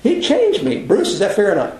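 A man's voice: sits high, huge pitch swings, a little fast, mellow, echoey room, poor audio. An older man teaching a Bible class, telling self-deprecating stories in a folksy, conversational sermon.

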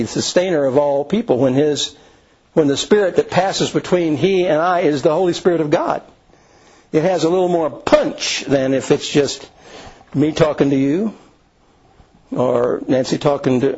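A pastor preaches in a relaxed, conversational way, stopping to restart his thoughts and asking the congregation questions. His voice is a bit husky and sits slightly high for a man. The recording sounds a little dull and lo-fi. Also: normal speed. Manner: folksy, earnest, frequent restarts and "you know". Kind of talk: conversational sermon.

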